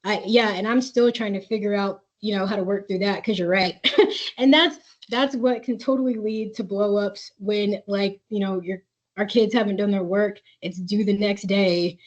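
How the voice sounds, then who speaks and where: A woman's voice: mid-range voice, steady tone, moderate pace. A woman presenting a school webinar for parents, reading out their questions and giving coaching advice with many fillers. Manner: reads parent questions aloud, then coaches warmly with filler words. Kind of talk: live webinar Q&A. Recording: dull lo-fi webinar audio.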